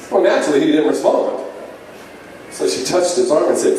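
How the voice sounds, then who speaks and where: A man's voice: a little high, a little fast. Profane stand-up comic man in echoey club. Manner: profane, storytelling with deadpan punchlines. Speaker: stand-up comedian. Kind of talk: stand-up comedy set. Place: comedy club stage. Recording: echoey club sound from far off, faint noise.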